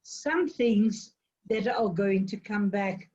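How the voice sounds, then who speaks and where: A woman taking part in an online session, speaking hesitantly with halting restarts. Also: mid-range voice, mellow, slightly rough, lo-fi sound. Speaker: session participant.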